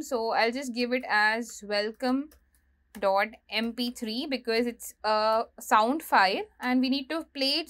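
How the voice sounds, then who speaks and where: A woman's voice: a little high, a bit bright. A woman teaching a coding lesson, explaining each step while she types and reads code aloud. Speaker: programming instructor. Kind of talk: screen-recorded coding tutorial.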